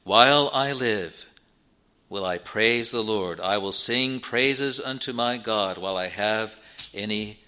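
A man preaching a sermon, earnest, rising in pitch and force when he quotes scripture. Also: takes it slowly, sharp tone, clean tone.

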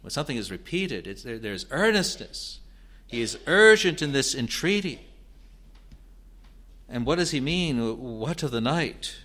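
A man preaching an expository sermon in a deliberate, earnest way, building to emphatic rises. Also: medium pitch, very animated, bright, forceful tone.

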